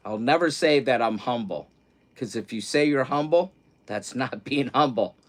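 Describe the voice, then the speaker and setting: Middle-aged male streamer, mid-pitched voice, casual, rambling, repeats himself, drops to a murmur then bursts out loud. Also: moderate pace. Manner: rambling and candid, swinging between hushed grief and loud excitement; self-interrupting, repeats words. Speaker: livestream host. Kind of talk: casual livestream chat.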